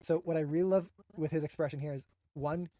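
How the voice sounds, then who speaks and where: A man's voice: on the high side, steady tone, fast, mellow, dry recording, studio quality. A man who teaches animation, enthusiastically breaking down shots with emphatic, admiring commentary.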